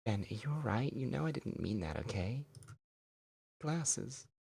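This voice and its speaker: A man's voice: medium pitch, lively intonation, a little slow, gravelly, darkish tone, husky, voice pushed up, exaggerated voice. A man voicing a volatile young woman who shrilly pleads and then accuses, reading a visual novel game aloud. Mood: pleading.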